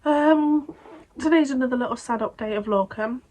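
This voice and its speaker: A young woman vlogging casually, retelling an upsetting event in a rambling, emotional way with quick restarts. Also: high voice, darkish tone, a little hiss or hum, poor audio. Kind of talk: casual vlog storytelling.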